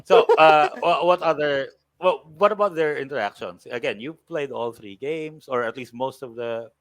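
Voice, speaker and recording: A man's voice: medium pitch, moderate pace, no room sound. A man with a Filipino accent, hosting a casual podcast chat and leading the questions. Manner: lively, leads the questions. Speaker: podcast host.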